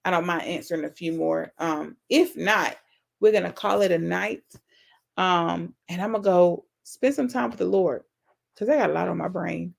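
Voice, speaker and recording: A woman's voice: lowish voice, normal speed, vocal fry. A woman hosting a casual live-stream Q&A. She reads out viewer comments and answers them in an earnest, affectionate, faith-filled way. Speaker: YouTube channel host.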